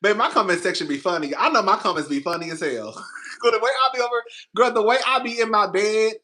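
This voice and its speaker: Male vlogger, bright and cutting, laughing gossip commentary from home. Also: sits high, quick pace, a little hiss or hum. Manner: laughing, animated, profane, repeats himself. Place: apartment.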